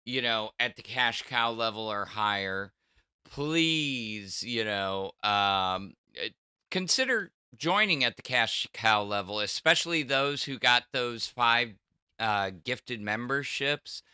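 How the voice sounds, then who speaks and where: A man chats casually on a livestream, rambling and circling back on his words. His voice is bright and smooth, and it is recorded close and dry. He speaks at a slow, unhurried pace. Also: mid-range voice, no room sound. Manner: rambling, with stammered restarts. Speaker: podcast co-host.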